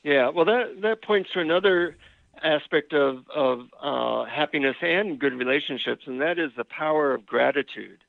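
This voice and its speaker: Gravelly therapist guy telling stories, tinny phone line sound. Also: on the high side, normal speed, no room sound. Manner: relaxed anecdotal storyteller. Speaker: guest, author and marriage and family therapist. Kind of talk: interview with storytelling.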